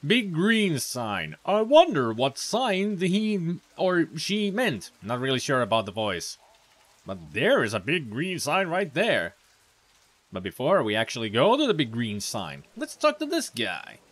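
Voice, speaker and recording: A man's voice: fairly high pitch, wildly swooping pitch, unhurried, fairly bright tone, no echo. A man from Finland, a let's play host giving chatty, rambling gameplay commentary.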